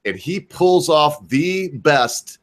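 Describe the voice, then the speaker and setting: A man's voice: a little high, animated, takes it slowly, fairly bright tone. A man with a Southern American accent hosting a casual livestream, rambling and restarting as he rants heatedly. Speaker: stream host.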